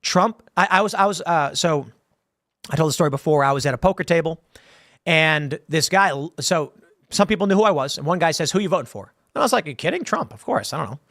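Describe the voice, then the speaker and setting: A man's voice: a little high, expressive, fast talker, creaky, fairly bright tone, no echo, clean studio sound. A man hosting a casual commentary show, answering viewer questions in a rambling, conversational way and acting out quotes. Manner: rambling, conversational, with many restarts and acted-out quotes. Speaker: host.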